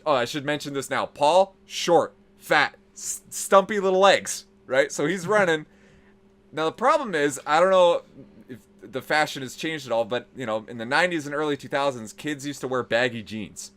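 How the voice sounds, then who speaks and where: A man telling a story on a podcast in casual, profane style, growing animated as it builds. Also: fairly high pitch, moderate pace. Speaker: podcast host.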